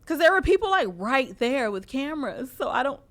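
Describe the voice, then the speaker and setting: A woman's voice: high voice, big pitch swings, a little fast, a bit bright. A woman co-hosting a talk radio show, telling news stories in casual chat, swearing freely and laughing as she goes. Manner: profane, laughing storyteller.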